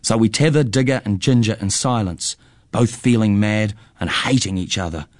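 A man narrating a first-person story in a measured, expressive way. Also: on the low side, dry recording, clean studio sound.

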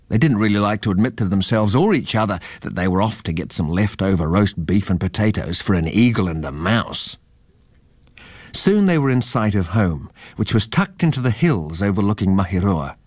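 A man reading a children's story aloud in a measured, expressive way. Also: deep voice, dry recording.

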